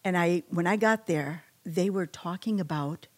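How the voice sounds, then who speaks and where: A woman with a lowish voice and moderate pace delivers a personal testimony of faith. Emotional and animated, she narrates her story and acts out what people said.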